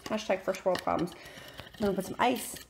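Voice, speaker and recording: A woman's voice: medium pitch, fairly even intonation, fairly quick. A woman in her thirties, a mother and vlogger, chatting casually and upbeat to camera and laughing easily. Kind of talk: casual vlog chat to camera. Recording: background noise from cars and outdoors.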